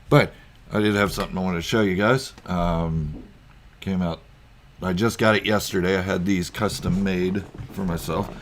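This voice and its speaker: Man, very low voice, casual live-stream chat, lots of ums and chuckles. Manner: rambling, with frequent ums and chuckles. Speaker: YouTube channel host. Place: at home.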